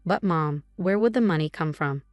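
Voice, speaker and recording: A woman's voice: fairly low pitch, moderate pace, no echo, studio quality, soft background music, natural voice. Woman reading as a flustered anxious young wife. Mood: nervous. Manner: hesitant, nervous.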